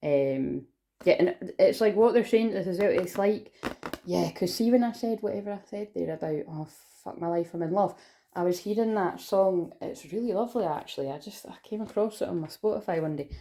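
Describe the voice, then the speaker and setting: A woman's voice: medium pitch, fairly quick, mellow. A woman giving a casual, rambling tarot reading, swearing freely and laughing often. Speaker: tarot reader.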